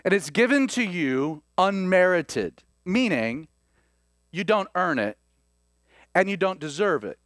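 A man preaching a sermon, swinging between loud emphasis and soft, hushed lines. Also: sits high, very animated, slow pace, no echo, clean studio sound.

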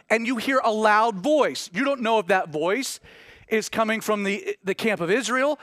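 A Southern-accented man preaches with a notably high voice, dropping to hushed, drawn-out stresses and then climbing into urgent, animated stretches. The sound is close and dry, with no room around it. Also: no room sound. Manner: dramatic, swings between hushed and rising urgency. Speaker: pastor. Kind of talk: sermon.

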